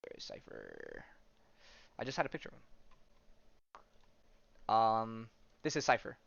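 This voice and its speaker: A man's voice: fairly low pitch, huge pitch swings, measured pace, gravelly, fairly bright tone, highs cut off. A man hosting a podcast, rambling through a comic story in casual chat and acting out the characters' lines with lots of fillers. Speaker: podcast host.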